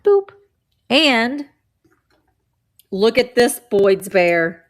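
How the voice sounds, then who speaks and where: A woman's voice: mid-range voice, lively intonation, measured pace, gravelly. A woman chatting casually while running a live vintage auction, bubbly and playful with sing-song noises.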